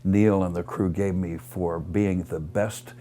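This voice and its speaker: A man's voice: deep voice, slow pace, a little hiss or hum. A man telling tour stories in a casual interview, acting out the people he quotes and swearing freely. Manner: animated storyteller acting out quotes, many fillers; profane, blunt. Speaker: interview guest. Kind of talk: casual storytelling.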